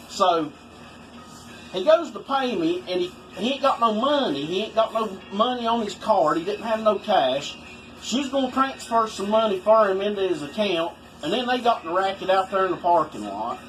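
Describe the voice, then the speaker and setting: A man's voice: high-pitched, fairly bright tone, poor audio. A man telling rambling, folksy stories in casual talk. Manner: folksy, rambling, swoops for effect. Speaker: storyteller vlogger.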